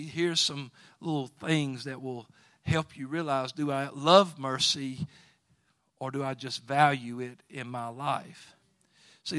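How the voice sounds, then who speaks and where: Preacher guy, kinda high voice, preaching loud and singsong, dry close mic. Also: dry recording. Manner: rising to loud, half-sung preaching with repeated words. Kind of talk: sermon.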